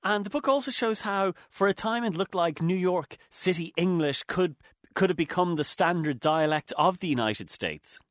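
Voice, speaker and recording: A man's voice: sits high, lively intonation, normal speed, no room sound, clean studio sound. A man hosting a radio interview who asks the guest brief, prompting questions.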